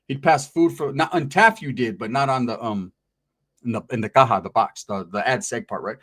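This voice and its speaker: A man's voice: medium pitch, brisk, a bit bright. A man telling stories in casual, slang-heavy talk, acting out what other people said. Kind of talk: casual storytelling.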